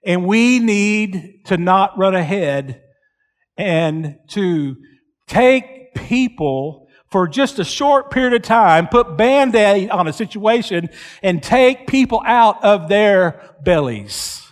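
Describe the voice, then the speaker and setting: High-voiced preacher in a big hall. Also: male voice, lively intonation. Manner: slow, deliberate, repeats phrases for emphasis. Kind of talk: storytelling sermon.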